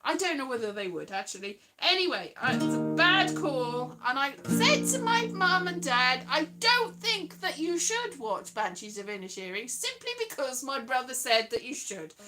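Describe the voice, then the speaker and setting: A woman hosting a casual chat, rambling and trailing off as she hunts for names, with quick asides. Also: high-pitched, lively intonation, over music. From Wales. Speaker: podcast host.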